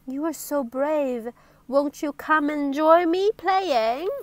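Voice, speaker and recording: A woman's voice: high voice, slow pace, pitched above the performer's own voice. A woman voicing a lonely little girl acrobat from a storybook, who pleads through sobs for someone to play with her. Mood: lonely pleading. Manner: sobbing, pleading.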